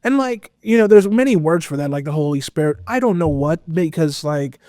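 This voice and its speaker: Man, podcast guest, expressive casual storytelling, higher voice, dry close sound. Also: fairly quick, no echo. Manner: animated, expressive, full of fillers. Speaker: podcast guest, metal vocalist.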